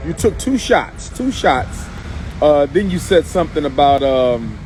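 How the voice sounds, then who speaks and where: A man's voice: a little high, very animated, a little slow, darkish tone, a little hiss or hum, rough recording. A man delivering a live-streamed monologue as an activist commentator, emphatic and repetitive, speaking straight to the person he answers. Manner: emphatic and repetitive, addressing someone directly.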